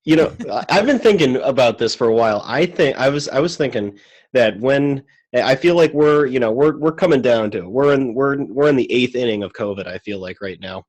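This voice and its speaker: A man's voice: mid-range voice, a little fast. Easygoing male guest, rambling chat. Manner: relaxed, rambling, heavy use of "like". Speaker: guitarist and music teacher, guest. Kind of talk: casual chat. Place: music classroom, remote call. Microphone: USB microphone.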